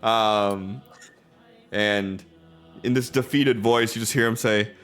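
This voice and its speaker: A man narrates a tabletop game as game master, storytelling in a relaxed style with many ums and uhs. His voice sits somewhat low, and he takes his time. Faint guitar music plays under the narration. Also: takes it slowly. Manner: laid-back, filler-heavy storytelling.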